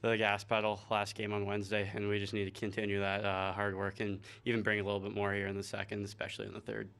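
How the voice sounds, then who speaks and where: A young hockey player talks between periods in a low, fairly flat voice. He stops often with fillers. His sound is crisp and bright. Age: young adult. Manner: halting, many fillers. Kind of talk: post-game interview.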